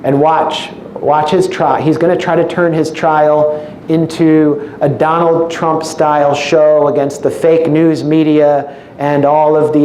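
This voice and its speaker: A man's voice: on the high side, mellow. Wry man lecturing in an echoey room. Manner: wry, sarcastic humor. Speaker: invited speaker. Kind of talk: public lecture. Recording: echoey room with faint noise.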